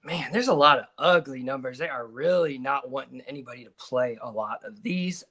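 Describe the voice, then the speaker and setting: A man's voice: mid-range voice, brisk, pushed and bright. A man co-hosting a betting show, reasoning through his pick in a matter-of-fact way. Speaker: sports betting show co-host. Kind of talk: casual betting picks chat.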